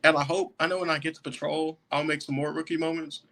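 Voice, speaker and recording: A man's voice: on the high side, level tone, fast, pushed and bright. A young man, a jail deputy and podcast guest, telling a story casually and laughing often as he goes. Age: young adult.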